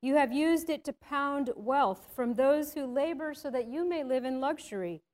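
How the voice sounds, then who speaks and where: Solemn guardian angel read by a woman, firm but kind, unhurried, storybook reading, fairly high pitch. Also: darkish tone, natural voice.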